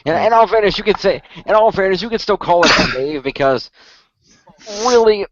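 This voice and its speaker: A man's voice: sits high, animated, fast, fairly bright tone. Wry, stammering man on a lo-fi podcast. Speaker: podcast co-host. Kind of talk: casual chat. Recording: dull lo-fi dry sound.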